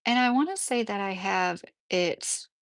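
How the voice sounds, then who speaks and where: A woman's voice: mid-range voice, expressive, measured pace. A woman in her late thirties hosting a casual livestream from home, chatting and reading viewer comments aloud, often breaking into laughter. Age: 30s. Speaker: livestream host reading chat. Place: mobile home indoors.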